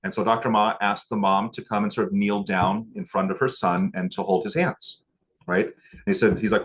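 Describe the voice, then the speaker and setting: Man, acupuncture teacher, lowish voice, emotional, halting with fillers. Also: fairly even intonation, a bit bright. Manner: emotional, choked up at times; pauses with fillers and restarts. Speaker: acupuncture instructor. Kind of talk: teaching a class with a personal story.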